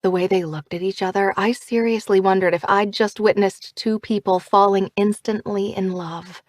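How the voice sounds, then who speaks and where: Woman, audiobook narrator, expressive storytelling, mid pitch, dry close voice. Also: normal speed, dry recording. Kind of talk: first-person audiobook narration.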